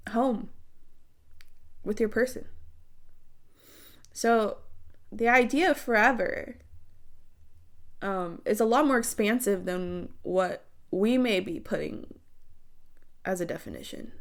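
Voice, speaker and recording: A young woman doing a spiritual card reading, slow, teary and earnest as she speaks straight to her viewers. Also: fairly high pitch. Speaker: tarot reader.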